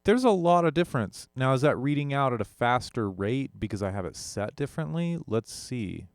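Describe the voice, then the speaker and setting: A young man with a deep, low voice talks loosely through a studio gear comparison. He rambles and corrects himself mid-sentence, sprinkling in fillers. The recording is close and dry, with no room sound. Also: no echo. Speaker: musician demonstrating audio gear. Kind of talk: casual tech demo talk.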